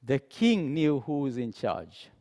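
A man preaching a sermon, animated and acting out dialogue, dropping to a soft voice for emphasis. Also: mid-range voice, takes it slowly. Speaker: pastor. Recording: long hall reverb.

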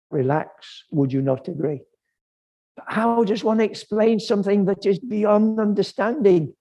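A man preaching a sermon at a slow, deliberate pace. His voice is dark and gravelly, with a husky edge, and he repeats key phrases for emphasis. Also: sits high, highs cut off. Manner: measured, emphatic repetition.

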